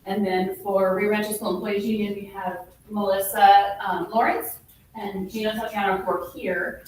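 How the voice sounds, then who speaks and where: A woman's voice: mid-range voice, little pitch movement, moderate pace, a little mellow. A woman, a union president, introducing her team at a public meeting. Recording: echoey room, distant mic, faint noise.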